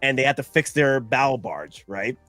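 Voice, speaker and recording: A man hosting a casual stream chat who talks in an excitable, rambling way and laughs often. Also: mid-range voice, moderate pace, dry recording, faint music behind. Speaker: streamer host.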